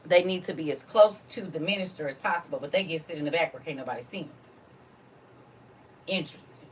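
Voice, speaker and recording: A woman's voice: low-pitched, a little fast, recorded from a distance, a little hiss or hum. A woman preaching to a congregation in a fervent, informal way, full of rhetorical questions and casual vernacular.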